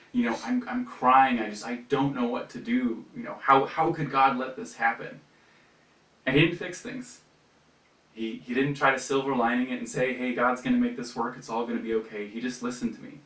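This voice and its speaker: A man's voice: fairly low pitch, fairly bright tone. A young adult man giving a personal faith testimony at a retreat, reflective and conversational, with frequent fillers and restarts. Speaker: retreat speaker. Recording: roomy, from a distance.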